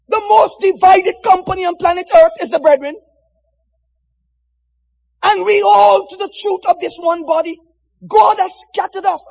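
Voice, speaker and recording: A man preaching a sermon with passion, swinging from shouted lines to hushed, quiet ones. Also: very high-pitched, vocal fry, big-room sound, low-quality recording. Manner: impassioned, swinging from shouts to near-whispers.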